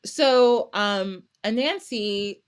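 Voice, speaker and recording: A woman with a clean, medium-pitched voice speaks very slowly as a podcast guest, telling a folktale in a casual storytelling style. She brings the characters to life with little voices and laughs, staying animated throughout.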